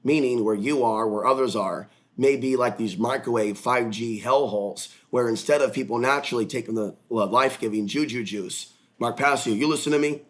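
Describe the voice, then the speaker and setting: Man, erratic livestream talk, middle pitch, rambling, jumps between topics. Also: moderate pace, hardly any pauses. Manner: erratic, jumps between topics, sudden loud outbursts and laughter. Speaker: livestream host.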